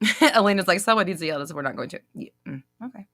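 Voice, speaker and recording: A woman's voice: lowish voice, lively intonation, rapid-fire, noisy background. A young woman hosting a live Q&A stream, casually reading out viewer comments, blunt and swearing freely, laughing often as she scolds.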